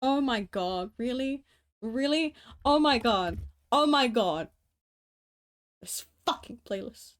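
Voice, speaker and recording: A woman streamer chatting casually while she draws on a live stream, playful and excitable, swearing and laughing often. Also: fairly high pitch, slow.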